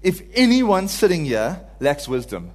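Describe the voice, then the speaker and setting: Earnest male preacher, informal sermon, a bit high-pitched, echoing church hall. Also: very animated, a little slow, a little mellow. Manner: earnest, builds to pleading cries when quoting.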